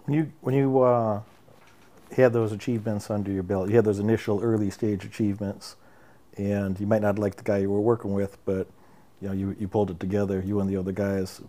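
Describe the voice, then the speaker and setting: Brief: male host, lowish mellow voice, rambling questions. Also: little pitch movement, a little fast. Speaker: interview host. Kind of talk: interview questions.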